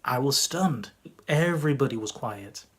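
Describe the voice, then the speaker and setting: A man who works as a magician, telling a story in a lively, conversational vlog narration. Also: mid-range voice. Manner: lively, conversational, with quick bursts.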